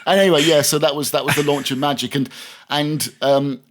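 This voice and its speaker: Speaking briskly with fairly even intonation, a man who has spent years presenting radio chats through anecdotes on a casual podcast. His pitch is a little high, and he keeps restarting sentences and laughing as he goes.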